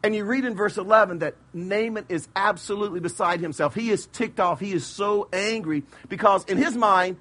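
A middle-aged man preaching a sermon, retelling a Bible story in lively modern slang and acting out the characters. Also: sits high, normal speed, hardly any pauses. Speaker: pastor.

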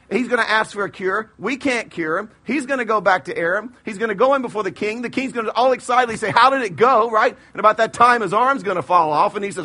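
Man, pastor, sermon, lively casual storytelling, bright tone. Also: high-pitched. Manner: lively storytelling, acting out biblical characters in modern slang.

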